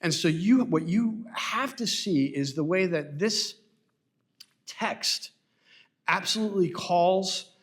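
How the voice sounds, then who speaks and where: A man's voice: high-pitched, animated, takes it slowly. A man preaching a sermon in a church, earnest and repetitive, asking rhetorical questions. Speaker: pastor. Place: church sanctuary.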